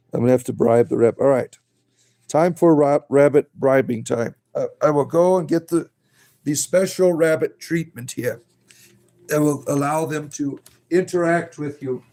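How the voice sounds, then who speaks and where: A man's voice: medium pitch, normal speed, warm tone. Playful man coaxing his rabbits. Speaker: livestream host. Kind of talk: casual live chat with pets.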